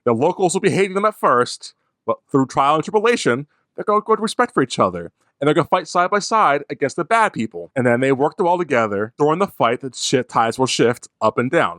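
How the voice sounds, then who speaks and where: A man co-hosting a movie review podcast, ranting in an animated, sarcastic and exasperated way. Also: medium pitch, no room sound, studio quality. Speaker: podcast co-host. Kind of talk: casual movie review chat.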